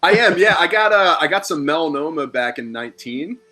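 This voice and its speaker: Candid, bright-voiced man telling stories. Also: a little high, animated, brisk. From Philadelphia, USA. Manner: candid rambling storyteller, swears freely. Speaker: podcast guest. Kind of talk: casual chat.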